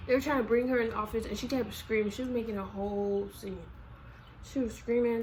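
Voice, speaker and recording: Woman storyteller vlogger, animated and slangy, somewhat high voice. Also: brisk, slight background noise, rough recording. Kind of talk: casual storytime.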